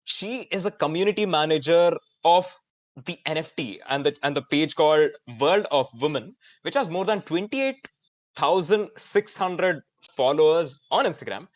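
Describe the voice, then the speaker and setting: A man in his twenties with an Indian English accent, hosting a live online student event in an energetic, chatty way with many fillers. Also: fairly high pitch, normal speed, no echo. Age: 20s. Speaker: host.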